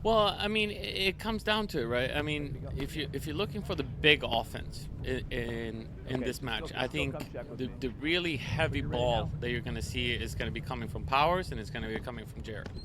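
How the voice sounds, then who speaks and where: A man's voice: medium pitch, normal speed, hardly any pauses. Guy breaking down the match, lots of restarts, noisy outdoor spot. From Sweden. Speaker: guest player.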